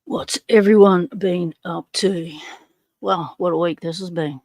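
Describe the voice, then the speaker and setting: A woman's voice: on the low side, fairly even intonation, a little slow, a little mellow, no room sound, studio quality. Chatty Australian woman hosting a livestream. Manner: chatty, greets viewers by name. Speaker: livestream host. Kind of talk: casual livestream chat.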